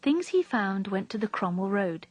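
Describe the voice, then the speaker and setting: A woman reading a story aloud in a steady, even narrating voice. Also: medium pitch, moderate pace, no echo, rough recording. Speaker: reader.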